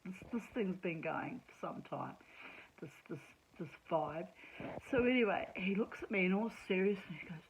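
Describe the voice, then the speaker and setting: A woman's voice: medium pitch, lively intonation, moderate pace, breathy edge, narrow, tinny audio. A woman telling a personal story in a casual monologue, chatty and sarcastic, laughing often. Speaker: vlogger.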